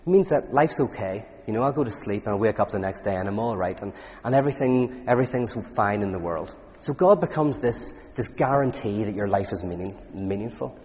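A man's voice: fairly low pitch, fairly quick. A man giving an informal lecture to an audience, telling stories with lots of restarts. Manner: animated storytelling, frequent restarts. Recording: long reverb in a hall.

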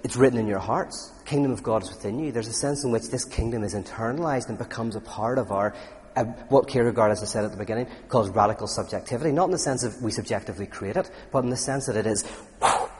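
A man with a thick Irish accent gives a lecture and takes audience questions. He talks in an animated, digressive way and laughs at himself. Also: fairly low pitch, fast, in a large hall.

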